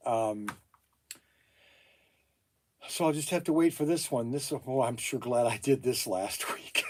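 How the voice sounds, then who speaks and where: A man's voice: mid-range voice, unhurried, long pauses. Brief: middle-aged man, hobby shop owner on phone calls, keeps exclaiming in disbelief and repeating himself, mid-range voice, at work in his shop.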